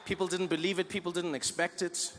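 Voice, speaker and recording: A South African man doing live stand-up in a large venue, animated and quick to slip into voices. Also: sits high, a little hiss or hum. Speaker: stand-up comedian.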